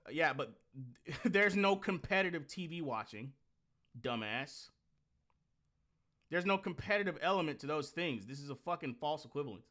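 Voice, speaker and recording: Blunt, profane male commentator, higher-pitched. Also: normal speed. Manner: animated rants with mocking outbursts. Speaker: host. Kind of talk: reaction commentary on an article.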